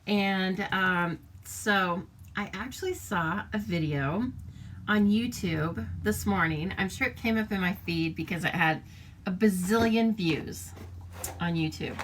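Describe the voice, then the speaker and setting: A woman's voice: medium pitch, measured pace, a little hiss or hum. A woman chatting her way through a live papercraft demonstration, greeting viewers by name and laughing often. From United States. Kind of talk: casual live craft demonstration.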